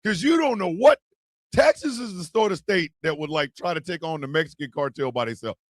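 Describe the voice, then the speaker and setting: Animated, high-voiced ranting man. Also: brisk, no echo, clean studio sound. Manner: profane, animated, yelling bursts. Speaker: host. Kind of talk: comedic rant commentary.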